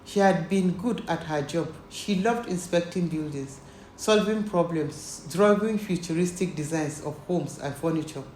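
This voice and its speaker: A woman giving calm, scripted narration of a story. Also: on the low side. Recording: echoey room, faint noise.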